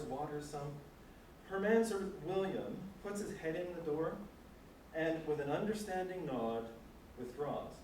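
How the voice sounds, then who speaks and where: A man giving a lecture, reading passages from a play aloud, with animated delivery and wry asides. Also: fairly high pitch, slight background noise. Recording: echoey room, distant mic.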